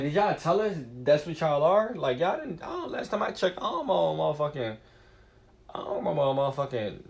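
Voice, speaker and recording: A man streaming a casual, rambling monologue, cursing freely as he muses aloud. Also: a little high. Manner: profane, animated and musing.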